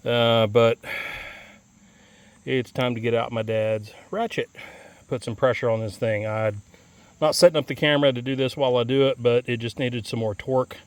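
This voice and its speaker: A man's voice: medium pitch, fairly even intonation, moderate pace, clean tone, dry recording. A man giving a casual, rambling how-to walkthrough outdoors beside his tractor, with lots of fillers. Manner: folksy, rambling, many fillers. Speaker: equipment vlogger.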